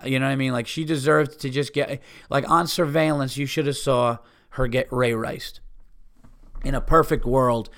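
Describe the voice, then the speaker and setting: A man's voice: medium pitch, a bit bright. A man hosting a podcast, telling a profane, heated, rambling story in casual chat. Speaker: podcast host.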